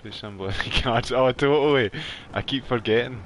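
A Scottish man chatting casually with viewers while streaming a game from his warm bedroom, laughing often. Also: medium pitch, moderate pace, slight background noise. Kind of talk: casual live gameplay chat.

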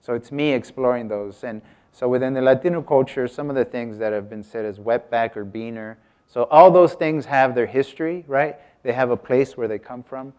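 A man's voice: medium pitch, moderate pace, darkish tone, clear, resonant tone. A man giving a casual artist talk to an audience, chatty, breaking off mid-sentence and asking the room questions. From United States. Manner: chatty, self-interrupting, asks the audience questions.

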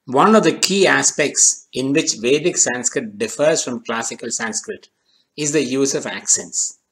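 A man narrating a recorded language lesson at a middle pitch. He speaks in a measured, deliberate way and slows down on the key terms, like a teacher reading from a prepared script. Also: a bit bright, poor audio.

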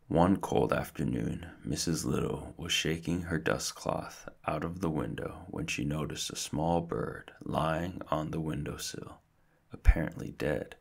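A man reads a children's chapter book aloud in a steady storyteller's manner. His voice is extremely deep and full of gravel, and he takes his time over every sentence. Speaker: narrator.

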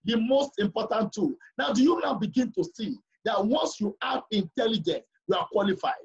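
Man, high husky voice, emphatic class lecturer who keeps checking understanding; muffled lo-fi sound. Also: lively intonation, moderate pace. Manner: emphatic, repeats points, asks the class questions.

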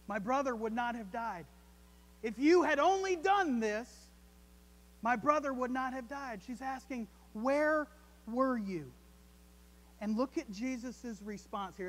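A male pastor preaching a sermon, reading scripture aloud, with dramatic rises and soft drops. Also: high-pitched. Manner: reads scripture aloud and repeats words.

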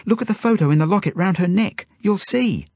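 Storybook kid: a man plays a desperate young boy pleading, pitched up. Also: animated, normal speed, a little mellow, slightly rough, no room sound, studio quality. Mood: frantic. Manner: pleading, frantic.

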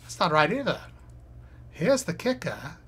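A woman solves a crossword on a live stream, reading each clue aloud and muttering her guesses. Her voice is low and husky. She talks slowly, but her pitch swings widely as she thinks. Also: very animated, a bit bright.

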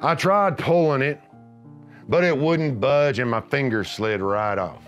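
A middle-aged man narrating scripted comedy with gruff, deadpan macho pronouncements. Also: mid-range voice, measured pace, muffled recording, faint music behind.

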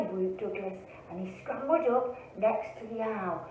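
A woman, an early years teacher, reading a picture book aloud to children in a slow, expressive storytelling way. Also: fairly high pitch, slight background noise. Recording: echoey, phone-like, from a distance.

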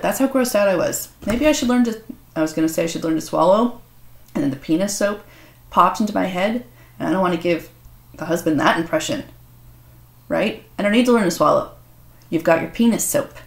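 A woman host swearing and joking crudely in a casual unboxing vlog. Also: medium pitch. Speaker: author and video host. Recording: echoey room.

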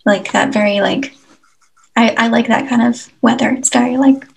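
Woman with a slightly high gravelly voice, rambling about poems with lots of likes and ums. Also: steady tone, moderate pace, a little hiss or hum, low-quality recording. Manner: chatty, lots of fillers, laughs easily. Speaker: podcast co-host. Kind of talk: casual chat about poetry.

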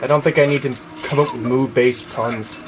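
A man commenting on his gameplay, shouting moo on a dare and swearing with excitement. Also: medium pitch, moderate pace, slight background noise. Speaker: let's play gamer. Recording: game music behind the voice.

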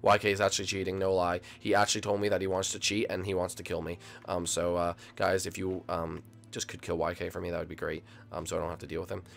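A teenage young man giving excitable gameplay commentary to his viewers, dropping to a mumble and then bursting into yells. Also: low voice, fast talker, gravelly, few pauses. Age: late teens. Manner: excitable, swings from mumbling to yelling; addresses viewers as folks. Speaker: gaming video host.

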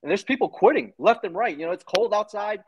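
A man's voice: high voice, animated, fast, background noise. A man in his forties, a former Army Ranger, telling his story in a casual interview, blunt and swearing freely. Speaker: podcast guest, Army Ranger veteran.

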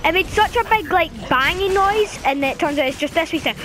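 A woman's voice: very high voice, moderate pace, fairly bright tone. A woman giving casual running commentary while playing a video game, chatting and chanting commands at the screen. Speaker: gaming channel host. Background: game music.

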